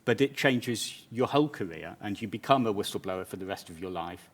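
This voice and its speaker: A British man, a journalist interviewing a guest on stage, speaking in a measured, reflective way with some stammered restarts. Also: on the low side, expressive. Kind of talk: conference interview.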